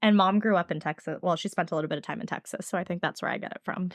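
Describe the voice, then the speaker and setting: A woman's voice: fairly low pitch, rapid-fire, no room sound, clean studio sound. A woman from Northern Virginia co-hosting a podcast, trading easygoing, playful banter. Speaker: podcast co-host. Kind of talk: casual chat.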